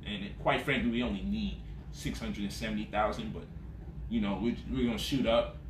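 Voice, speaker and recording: A man hosting a lively talk about money, boasting, laughing and swearing freely, and mocking his critics in quoted voices. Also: on the low side, a little fast, reverberant, background noise. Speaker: host. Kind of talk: animated livestream talk.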